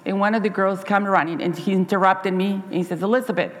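A woman's voice: medium pitch, steady tone, fairly quick, in a large hall. A woman Sabbath school teacher giving an earnest, heartfelt personal testimony to her church congregation, often restarting her sentences.

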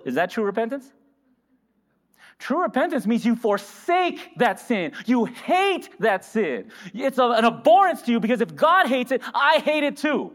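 A man's voice: very high-pitched, sing-song, a little slow, fairly bright tone. A man preaching a sermon in a church, asking the congregation questions and answering them himself. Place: church hall. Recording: reverberant church hall.

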